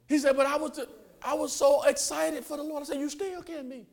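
An older man preaching a sermon, calling out to the congregation and rising to shouts. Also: extremely high pitch, fairly even intonation, brisk, creaky.

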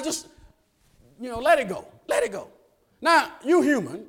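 A man preaches in a high, lively voice that swoops up into shouts. He keeps a folksy, joking tone with call-and-response asks to the congregation. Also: normal speed, long pauses. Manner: folksy, joking asides with laughter. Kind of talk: sermon.

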